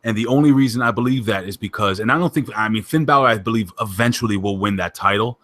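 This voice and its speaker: A man hosting a wrestling podcast in casual chat, excitable and emphatic, joking as he talks. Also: lowish voice, fast, dry recording. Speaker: podcast host.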